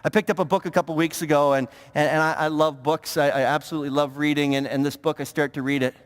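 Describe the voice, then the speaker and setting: A man preaching a sermon as pastor, talking in an animated way with stammering restarts and repeated words. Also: fairly high pitch, fast. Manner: animated, stammering repetitions, mock-pious impressions. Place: church sanctuary. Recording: long reverb of a church hall.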